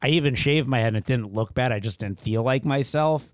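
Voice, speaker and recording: A man hosting a podcast, teasing his guest and joking about himself with halting restarts. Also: medium pitch, dry recording, clean studio sound. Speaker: podcast host, comedian. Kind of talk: casual podcast chat.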